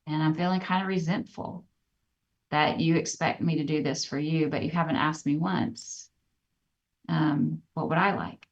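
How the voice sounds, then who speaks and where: A woman co-hosting a podcast, telling personal stories in an earnest, reflective way that turns animated. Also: low-pitched, normal speed, creaky. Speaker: podcast co-host. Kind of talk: candid personal storytelling. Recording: dull, slightly distant podcast audio.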